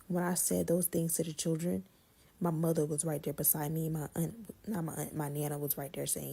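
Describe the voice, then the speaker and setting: Gravelly, husky woman telling a story. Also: sits low, a little fast. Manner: animated, blunt, swears freely, repeats words for effect. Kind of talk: casual storytime.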